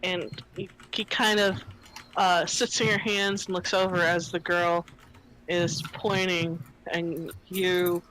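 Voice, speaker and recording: Slow, unhurried woman narrating a game. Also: on the low side, flat delivery, a bit bright, a little hiss or hum, poor audio. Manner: unhurried, descriptive narration with fillers. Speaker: game master.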